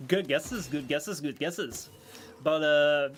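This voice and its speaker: A man's voice: fairly high pitch, slow, a little hiss or hum. A man from the Netherlands with a Dutch accent that leans American, native Dutch speaker, chatting casually with viewers while streaming a game, rambling with lots of fillers and restarts. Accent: Dutch, with an American lean.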